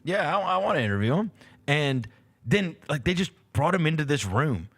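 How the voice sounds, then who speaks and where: A middle-aged man tells a long, rambling story on his sports talk show. His voice is bright and a bit gravelly, and his pitch swings up and down as he talks, full of fillers and restarts. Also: sing-song, normal speed. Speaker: host.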